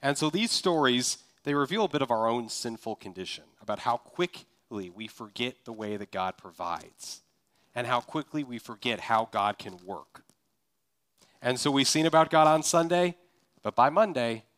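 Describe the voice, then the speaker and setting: A man's voice: medium pitch, animated, normal speed, fairly bright tone. A man from Kansas preaching a sermon in a loose, conversational way, full of rhetorical questions. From Kansas, USA. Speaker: pastor.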